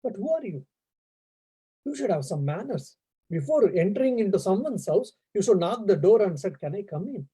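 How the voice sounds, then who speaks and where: A man's voice: high voice, sing-song, moderate pace, warm tone, slightly rough, heavily acted, rough recording. A man voicing an absent-minded old male scholar who speaks in a polite, formal, apologetic way. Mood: puzzled, stern.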